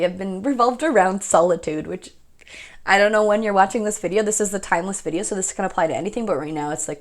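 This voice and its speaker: Chatty young woman reading tarot cards. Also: mid-range voice. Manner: chatty, rambling, often laughing. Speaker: tarot card reader. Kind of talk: casual pick-a-card tarot reading.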